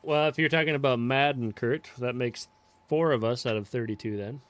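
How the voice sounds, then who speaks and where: A young man casually chatting with viewers while playing a farming game, relaxed and swearing offhandedly. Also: mid-range voice, moderate pace. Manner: laid-back, swears casually, greets viewers by name. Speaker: game streamer. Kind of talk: casual live-stream chat while playing.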